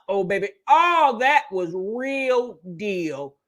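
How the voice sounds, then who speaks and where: A woman's voice: fairly high pitch, big pitch swings, measured pace, pushed and bright. A woman hosting a casual livestream commentary, sassy, calling listeners baby and honey while greeting the chat.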